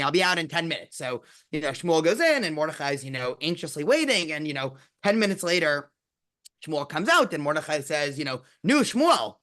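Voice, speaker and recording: A man's voice: a little high, pushed and bright. A man hosting a casual conversation as a rabbi, telling jokes in a chatty way. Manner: chatty, peppers speech with "you know". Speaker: rabbi and podcast host.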